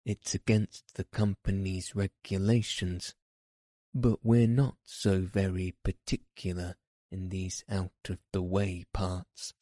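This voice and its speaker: Burly kind-hearted engine driver, folksy and reflective, voiced by a man, low and unhurried. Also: little pitch movement, mellow, no room sound, studio quality. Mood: kindly. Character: burly kindly male engine driver, plain-spoken.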